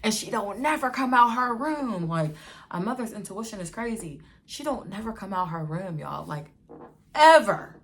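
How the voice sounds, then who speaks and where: A young woman vlogger telling a casual storytime in an animated, slangy way, acting out what people said. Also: medium pitch, moderate pace.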